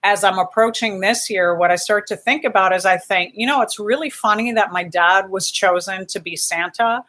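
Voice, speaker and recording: A woman hosting a casual live stream, reading out viewer comments and gently encouraging her viewers. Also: medium pitch, normal speed.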